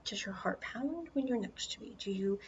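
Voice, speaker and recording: A woman voicing an earnest, easygoing young man in a story retelling, talking in a calm, coaxing way that sometimes drops to a hush, on a slightly muffled recording with faint hiss. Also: medium pitch, moderate pace, natural voice.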